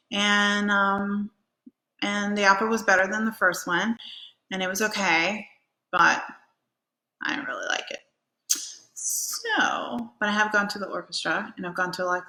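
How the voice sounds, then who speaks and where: A woman podcast host with a medium-pitched, bright, forceful voice delivers a casual motivational monologue in an echoey room. She's animated, telling personal stories packed with fillers.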